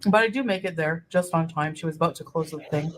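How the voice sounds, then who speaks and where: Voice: medium pitch, fast talker, low-quality recording. A vlogger telling a rambling, chatty travel story while eating on camera. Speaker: vlogger in clip.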